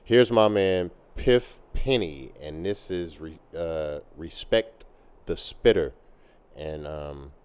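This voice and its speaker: A man's voice: low-pitched, slow pace, a little mellow, clean tone. A man hosting a podcast, talking casually between tracks in loose, slangy hype talk. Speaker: podcast host.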